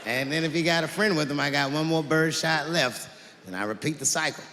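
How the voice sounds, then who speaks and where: Male stand-up comic, high, animated voice, big echoey hall, loud crowd. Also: a little fast, heavy background noise. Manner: animated storytelling, swinging into character voices. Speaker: stand-up comedian. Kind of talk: stand-up comedy routine. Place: large venue on stage.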